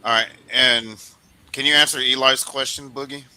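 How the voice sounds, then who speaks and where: Male podcast host, very bright tone, playful and teasing, easygoing interviewer. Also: mid-range voice, moderate pace, poor audio. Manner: joking, teasing, animated retelling. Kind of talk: casual interview chat.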